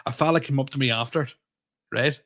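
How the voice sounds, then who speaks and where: Tyrone-accented man telling animated stories. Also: mid-range voice, fast talker. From Middle East. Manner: animated storytelling, acting out quoted dialogue, laughing often. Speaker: podcast co-host, comedian. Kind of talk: casual chat.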